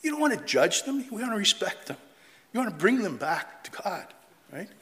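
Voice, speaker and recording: A middle-aged man preaching a sermon in an animated way, mocking opponents' voices and reading scripture aloud. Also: high voice, brisk. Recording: long hall reverb.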